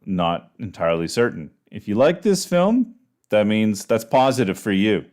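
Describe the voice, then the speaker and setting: A man teaching an English class in a relaxed, chatty way, giving slang examples with a playful tone. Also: sits low, normal speed. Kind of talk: casual online English lesson.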